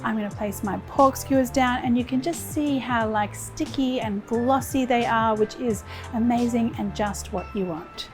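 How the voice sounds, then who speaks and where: Australian woman, cooking host, chatty, enthusiastic, slightly high voice, soft music underneath. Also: moderate pace, few pauses. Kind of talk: cooking demonstration.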